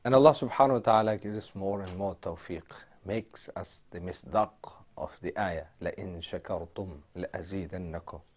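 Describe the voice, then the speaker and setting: A man giving an earnest, devout talk as a Quran recitation teacher, halting with restarts and swelling into emotional emphasis. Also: fairly low pitch, lively intonation. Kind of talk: devotional talk.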